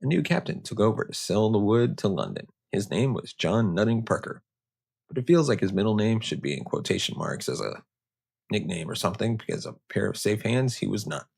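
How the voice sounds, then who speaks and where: A man's voice: fairly low pitch, expressive, brisk, vocal fry, a little mellow, breathy edge. A man hosting a history show, narrating with joking, conversational asides. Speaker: host.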